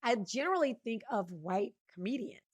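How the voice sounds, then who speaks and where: A woman co-hosting a podcast, giving blunt, animated opinions in a casual gossip chat. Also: a little high, moderate pace, breathy edge, dry recording. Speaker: podcast co-host.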